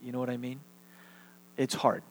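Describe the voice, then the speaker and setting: A man's voice: medium pitch, completely flat delivery, moderate pace. A man preaching a sermon as pastor, speaking conversationally and leading his congregation in call-and-response. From Texas. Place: church sanctuary. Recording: reverberant hall.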